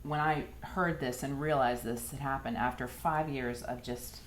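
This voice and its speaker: Interviewee: low-pitched woman in her thirties, earnest and halting, faint hiss in the background. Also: fairly even intonation. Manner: earnest, halting, many restarts. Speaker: interviewee, former patient. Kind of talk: emotional personal account.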